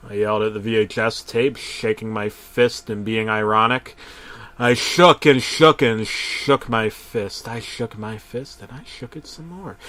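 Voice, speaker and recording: In a deadpan, medium-pitched voice, a man narrates a parody horror story, punctuating it with sudden shouted outbursts and swearing.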